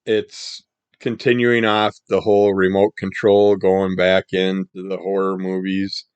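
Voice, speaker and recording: A man reviewing comic books in a casual, rambling monologue, his voice scratchy from the morning and his throat needing clearing. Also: deep voice, measured pace, no room sound, lo-fi sound. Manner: rambling, relaxed, trails off mid-sentence.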